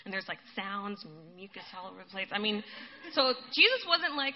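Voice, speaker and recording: A woman's voice: mid-range voice, sing-song, normal speed. A woman giving a casual sermon, talking conversationally to her listeners and calling them guys. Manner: conversational, addresses listeners as guys, laughs often. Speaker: preacher. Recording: dull lo-fi recording.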